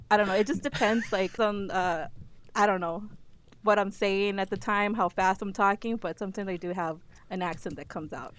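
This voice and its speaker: A woman's voice: mid-range voice, normal speed. A woman with a slight Minnesota accent, chatting casually as a podcast guest co-host, laughing often and using lots of fillers.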